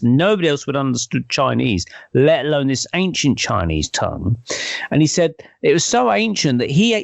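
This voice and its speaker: A man's voice: fairly high pitch, gravelly, dry recording. A man telling a story casually, rambling along with many fillers and self-corrections.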